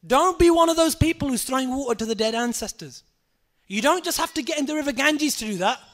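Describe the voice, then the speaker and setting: A man giving an animated storytelling sermon, repeating phrases and acting out voices. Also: very high voice, quick pace. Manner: animated, repetitive, acts out voices. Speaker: Sikh preacher.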